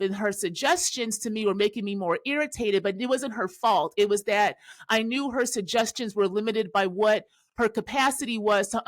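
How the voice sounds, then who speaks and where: A woman's voice: mid-range voice, dry recording. Candid, laughing woman storyteller, dry sound. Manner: candid, profane, laughs often mid-story; addresses listeners directly, tags lines with "right?". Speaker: podcast host and astrologer. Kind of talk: casual storytelling monologue.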